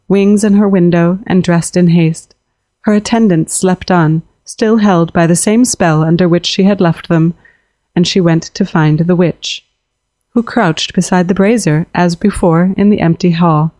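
A woman's voice: lowish voice, darkish tone, no echo. Woman reading fantasy fiction, dry and close. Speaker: narrator. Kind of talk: scripted narration of fantasy fiction.

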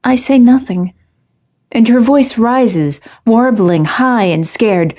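A woman narrates a first-person fairy tale in a measured, reflective, literary way. She takes her time over every phrase, unhurried and deliberate. Her voice is mellow and warm. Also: a little high.

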